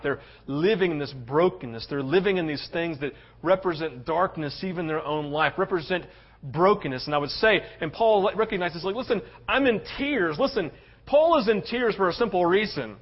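A male pastor preaching a sermon, passionate, swinging between loud urgency and hushed tenderness. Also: on the high side, normal speed. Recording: dull lo-fi sound.

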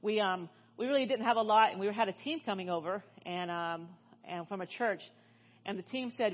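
A woman's voice: mid-range voice, a little fast, highs cut off. A middle-aged woman giving a sermon in a church, telling stories in a chatty way full of fillers and restarts. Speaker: guest speaker. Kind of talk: storytelling sermon.

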